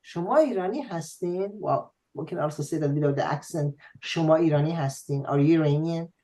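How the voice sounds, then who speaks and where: A man tutoring a student online, explaining patiently with frequent pauses and fillers. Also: fairly high pitch, flat delivery, mellow, low-quality recording. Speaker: language tutor.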